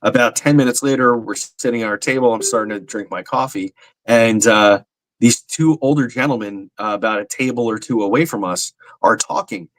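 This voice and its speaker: Male podcast guest, low voice, earnest and rambling, recorded dry. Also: normal speed, dry recording, poor audio. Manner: earnest, rambling, frequent fillers. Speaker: paranormal medium, podcast guest. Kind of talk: casual podcast chat.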